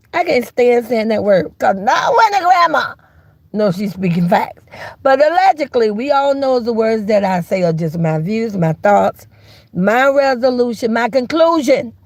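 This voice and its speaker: A sassy woman chats on her live stream in a fairly high voice, teasing her viewers and calling them baby and honey. She laughs often and jumps into squealing highs. The sound is close and dry, with no room around her. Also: darkish tone, dry recording. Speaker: host of a live gossip channel. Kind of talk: casual live-stream chat.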